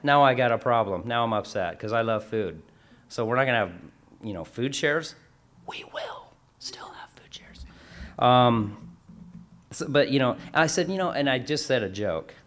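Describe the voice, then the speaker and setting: Rambling, animated man in casual chat. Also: mid-range voice, fairly quick. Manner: rambling, animated storytelling with acted quotes and self-corrections. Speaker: workplace class instructor.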